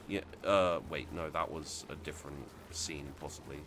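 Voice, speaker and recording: A man's voice: low-pitched, steady tone, measured pace, hardly any pauses, bright, forceful tone, slight background noise. A man hosting a let's play, talking casually with lots of restarts and fillers while he plays. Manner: rambling, many restarts and fillers. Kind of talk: casual gameplay commentary.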